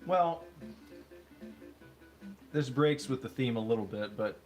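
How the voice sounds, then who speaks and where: A man's voice: medium pitch, animated, takes it slowly, darkish tone. A man with a mid-range voice chats casually on a livestream. He argues his points in a dry, stubborn way, and faint game music plays behind him. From United States. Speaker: livestream co-host.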